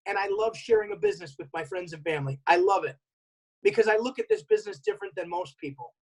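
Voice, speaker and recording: Male seminar presenter, husky tone, energetic, drives points home by repetition. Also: high-pitched, quick pace, poor audio. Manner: energetic, repeats key points, acts out remembered dialogue. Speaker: network marketing workshop presenter. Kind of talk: seminar talk.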